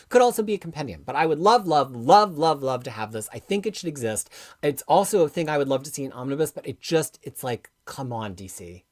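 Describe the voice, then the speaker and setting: A woman hosting a live comics stream, talking with passion and reading viewer comments aloud, going from quiet asides to loud, emphatic outbursts. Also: low-pitched. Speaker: comics livestream host.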